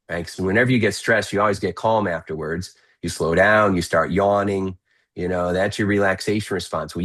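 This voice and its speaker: A man with a deep, low voice with a breathy edge appears as a guest on an interview podcast. A motivational speaker, he coaches the listener in an energetic, persuasive way.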